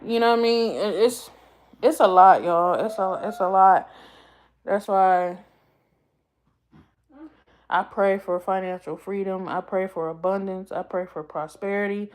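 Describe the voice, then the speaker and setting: Young woman streamer from the East Coast, middle pitch, casual and heartfelt, rambles and repeats herself. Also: steady tone, measured pace, pauses often. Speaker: YouTube livestream host. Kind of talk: casual livestream chat.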